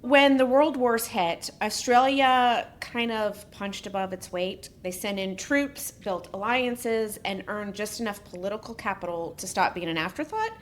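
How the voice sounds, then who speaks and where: A woman's voice: mid-range voice, a little slow, few pauses. A woman co-hosting a casual podcast, reading a prepared story with joking asides. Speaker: podcast co-host.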